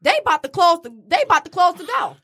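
Animated high-voiced woman telling a story. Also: quick pace. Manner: animated, acts out quotes, swears freely. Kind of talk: casual chat.

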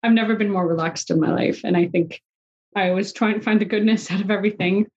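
A woman's voice: medium pitch, steady tone, quick pace, darkish tone, slightly rough, muffled recording. A woman in her forties telling a personal story in an interview, quoting dialogue and sounding emotional. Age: 40s. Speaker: guest. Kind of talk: conversational interview.

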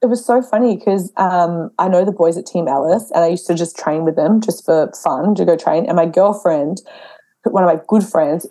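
A young pregnant woman telling stories as a podcast guest in a casual, animated way, acting out her own past dialogue. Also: fairly low pitch. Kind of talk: casual interview chat.

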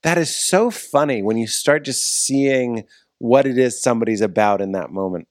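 A man's voice: medium pitch, moderate pace, no room sound, studio quality. A man, a podcast host, in casual conversation, rambling and restarting his sentences. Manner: rambling, self-interrupting, with frequent restarts.

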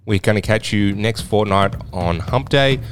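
A man co-hosting a podcast, relaxed and a little halting, often tripping over his words. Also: on the low side, background noise. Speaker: podcast co-host. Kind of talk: casual chat.

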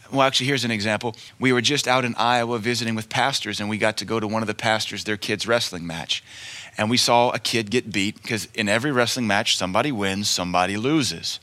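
A man's voice: lowish voice, bright, forceful tone. A man preaching a sermon in an emphatic, folksy way, repeating his key lines and telling stories.

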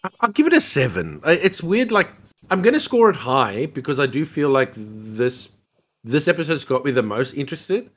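A man's voice: medium pitch, big pitch swings, moderate pace. A man with a mid-range voice chats as a podcast guest, giving firm opinions in a loose, rambling way. He often restarts his sentences and drops in the occasional swear word. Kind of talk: casual chat.

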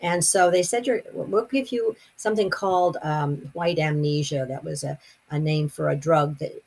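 A middle-aged woman from California, telling an interviewer a personal story in a halting way, with frequent restarts and fillers. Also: deep voice, creaky, a little mellow. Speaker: guest telling her near-death experience.

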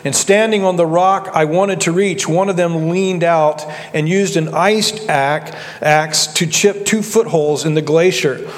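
A man preaches from the pulpit, his somewhat high voice carried by a long church reverb. He tells stories in a folksy manner and slows down for emphasis. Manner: folksy storytelling with slow, deliberate emphasis. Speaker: pastor. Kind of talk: sermon.

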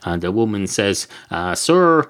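A man's voice: on the low side, lively intonation, a bit bright. Irish man telling a rambling joke. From Ireland. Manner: halting, full of filler words. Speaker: podcast host. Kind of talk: improvised comic storytelling.

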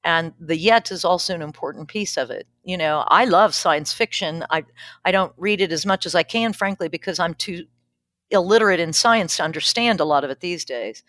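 A woman's voice: fairly low pitch, moderate pace, fairly bright tone, no echo, clean studio sound. A woman pastor and podcast guest, speaking in an emphatic, reflective way and laughing easily. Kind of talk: casual conversational interview.

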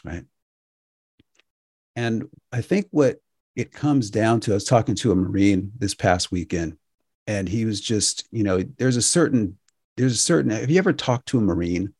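A man's voice: medium pitch, animated, moderate pace, mellow, dry recording, clean studio sound. A middle-aged man hosting a radio show, talking casually and with indignation, often tossing in "right?". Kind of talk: casual monologue.

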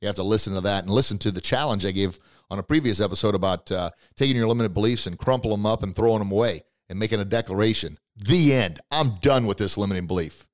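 A man's voice: lowish voice, fast. A man hosting a motivational podcast, talking with energy, acting out the voices in his stories and repeating short phrases for emphasis. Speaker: podcast host.

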